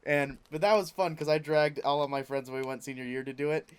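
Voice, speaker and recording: A man with a smooth, clean voice pitched a little above the usual, co-hosting a podcast. He chats in a playful, jokey way and swears freely. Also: steady tone, fast. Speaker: podcast co-host. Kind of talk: casual chat.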